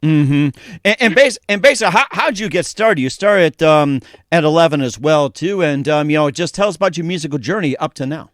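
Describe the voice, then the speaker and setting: A man's voice: a little high, expressive, fairly quick, no echo, studio quality. A man hosting an interview show, upbeat and punning, with lots of fillers and restarts. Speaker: podcast host. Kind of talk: casual interview. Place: studio.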